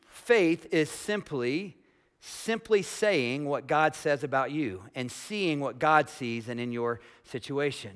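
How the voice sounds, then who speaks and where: Male pastor, sermon delivery, slightly high voice, emphatic with quiet asides, questions the congregation. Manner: emphatic, swings from loud declarations to quiet, intimate asides; asks the congregation direct questions.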